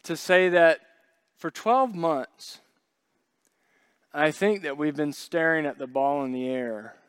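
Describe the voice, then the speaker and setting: A male pastor delivers a sermon in a loose, conversational style, slipping in jokes and putting on little voices for the people in his story. His voice sits a bit high for a man and sounds smooth and clear. The sound is close and dry. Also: slow, no room sound. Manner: conversational, joking asides, acts out quoted voices.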